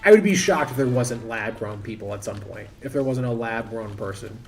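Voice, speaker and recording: A man's voice: medium pitch, fairly quick, soft background music. Rambling man streaming a game. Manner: rambling, thinking aloud, self-interrupting. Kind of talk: casual live-stream commentary.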